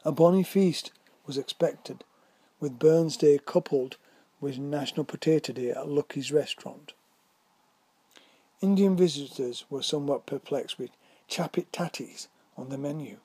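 A man narrating a whimsical story in a measured reading voice. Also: a little high, mellow, slightly rough, no room sound.

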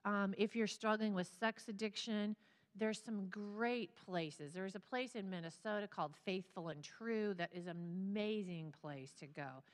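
Speaking a little slowly in a mid-range voice, a woman therapist delivers a sermon talk to a church congregation. Her tone is earnest, teary, and conversational, and the big sanctuary gives the recording a long hall reverb.

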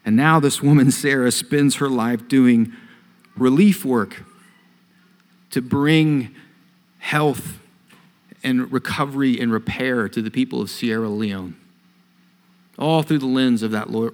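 A male pastor preaching a sermon, telling a story earnestly and swelling louder on key phrases. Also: mid-range voice, a little slow, long pauses. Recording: long hall reverb.

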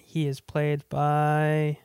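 Smooth, eager movie podcast host. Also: mid-range voice, monotone, extremely slow, darkish tone, dry recording, studio quality. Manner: enthusiastic, rambling, with restarts. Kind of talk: casual movie chat.

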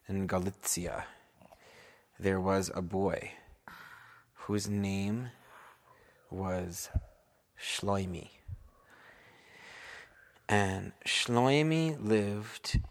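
A man improvising a bedtime story for his children, unhurried and asking them questions along the way. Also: sits low, creaky.

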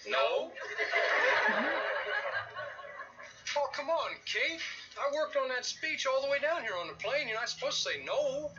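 A man's voice: extremely high pitch, expressive, normal speed, over loud music. An actor playing an earnest man who pleads and insists with a woman, heard as muffled TV audio with background noise. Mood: pleading. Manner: pleading, persistent.

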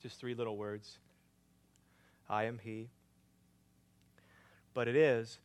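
A man preaching a sermon, swinging between loud emphatic lines and quiet hushed ones. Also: medium pitch, level tone, slow pace, smooth. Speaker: pastor.

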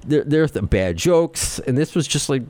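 A man with a New York accent hosting a podcast, talking fast and excitably as he rants. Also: a little high, no room sound. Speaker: podcast host. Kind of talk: casual chat.

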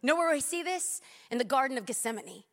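A woman preaching a sermon in a large church hall, animated and humorous with punchy delivery. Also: high voice, quick pace. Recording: long hall reverb.

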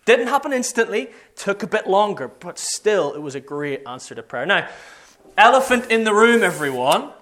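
Man, sermon storytelling, high voice, very lively pitch, acts out quoted voices. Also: moderate pace. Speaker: preacher.

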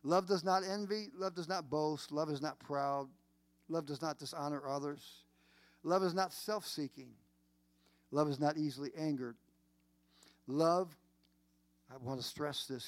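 A man preaching a sermon, emphatic and repetitive, with dramatic pauses. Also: fairly high pitch, dry recording. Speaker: pastor.

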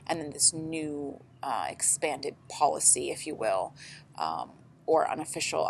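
A young woman with a low voice chats loosely as a podcast co-host. Her talk is filled with casual fillers and restarts. A faint outdoor ambience sits behind her. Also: vocal fry, slight background noise. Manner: chatty, lots of "like" fillers. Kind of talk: casual chat.

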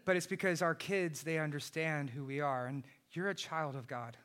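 A man in his thirties preaching a sermon, swinging from shouted peaks to soft, hushed passages. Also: fairly high pitch, normal speed. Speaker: pastor.

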